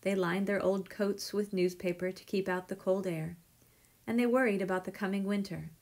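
A woman reading a children's picture book aloud with gentle, measured storytelling. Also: medium pitch, fairly even intonation, gravelly.

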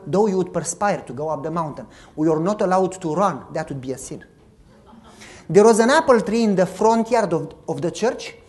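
Woman preaching with lively stories. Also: mid-range voice. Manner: animated storytelling, swings from loud to soft. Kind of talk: sermon with personal stories.

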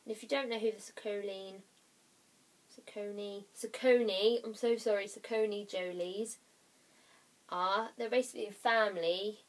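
A woman's voice: mid-range voice, fairly even intonation, moderate pace. A young woman talks into her webcam at home in a loose, rambling way. She giggles, apologizes often and sometimes sinks to a whisper. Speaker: vlogger. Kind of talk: casual chatty vlog.

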